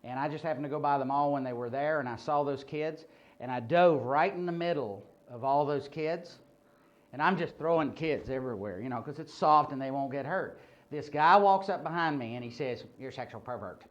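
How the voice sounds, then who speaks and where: A man's voice: on the high side, a little fast. A man training people at a ministry seminar, talking informally with stories, many fillers and restarts. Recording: muffled lo-fi recording.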